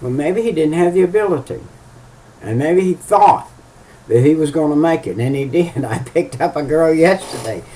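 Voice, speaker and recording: A man preaching informally, halting with many fillers and restarts, and repeating key phrases for emphasis. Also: on the high side, expressive, mellow, slight background noise. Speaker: lay preacher. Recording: voice a bit far from the mic.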